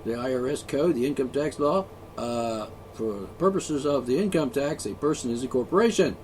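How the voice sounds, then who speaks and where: A man's voice: mid-range voice, moderate pace, a little mellow, a little hiss or hum. A man ranting alone, profane and sarcastic, mocking the people he is angry at. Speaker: ranting vlogger. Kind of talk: angry solo rant.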